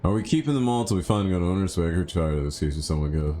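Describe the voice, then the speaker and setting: A male gaming streamer with a very low voice talks through his play in a loose, casual way. He muses out loud and jumps into excited yelps. A faint hiss sits under the recording. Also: fast talker. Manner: chatty, thinks aloud, bursts into excited yelps. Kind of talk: casual live gameplay commentary.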